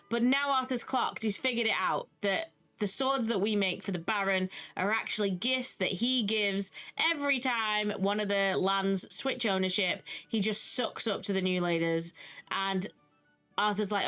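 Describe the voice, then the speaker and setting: A young British woman giving casual, animated commentary on a video game she is playing, with exasperated asides. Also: mid-range voice, normal speed, faint music behind. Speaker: gaming YouTuber. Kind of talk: casual let's-play commentary.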